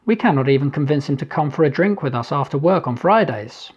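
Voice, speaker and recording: A man voicing a jovial Ukrainian embassy man with a thick Ukrainian accent, speaking heartily and loudly in an audiobook reading. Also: on the high side, lively intonation, fairly quick, husky, dull audio.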